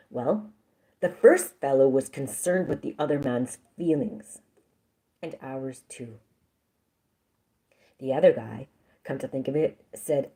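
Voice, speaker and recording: A woman's voice: very deep voice, takes it slowly, long pauses, warm tone. A woman reading a story aloud on a live stream in a chatty, playful way, breaking off for jokes and asides. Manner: chatty, playful, swears and jokes between passages.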